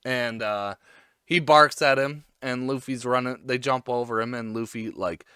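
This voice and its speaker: A man's voice: medium pitch, fairly even intonation, unhurried, bright, forceful tone, clear, resonant tone, dry recording, studio quality. A young man giving a casual, crude, joking anime recap, with lots of fillers. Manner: crude, jokey, full of fillers.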